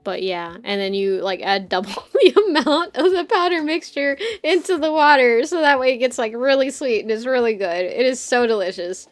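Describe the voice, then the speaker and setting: A woman's voice: a little high, animated, moderate pace, few pauses. A woman hosting a casual live stream, talking chattily, giggling often and swearing freely as she jumps from topic to topic. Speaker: streamer host.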